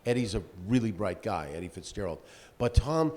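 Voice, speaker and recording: Older guy voice actor on a con panel, lowish voice, big echoey hall. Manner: animated, quick storyteller who slips into voices. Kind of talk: casual panel storytelling. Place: convention hall. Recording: long echo of a convention hall, faint noise.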